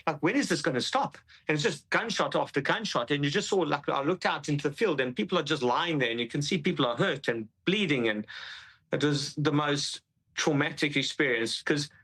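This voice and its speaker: A man recounting his experience in an interview, halting and repeating himself as he speaks. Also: on the high side, fairly bright tone, husky, poor audio. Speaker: witness describing an attack. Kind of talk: interview account.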